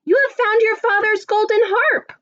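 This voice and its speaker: A woman voicing Jack's excitable mother, who exclaims her lines in a high, shrill voice. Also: moderate pace, lo-fi sound. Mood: exclaiming.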